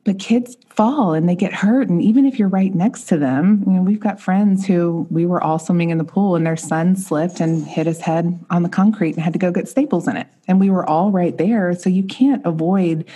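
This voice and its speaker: A woman in her thirties with a low, husky, mellow voice. She tells a personal family story in an earnest, heartfelt way, sounding grounded and sincere. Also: normal speed, hardly any pauses. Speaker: podcast guest, mother of three.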